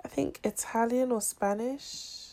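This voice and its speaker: A woman's voice: on the high side, steady tone, unhurried, mellow. A woman co-hosting a podcast, chatting casually about a documentary, opinionated and full of filler words. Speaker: podcast co-host. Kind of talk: casual chat reviewing a documentary.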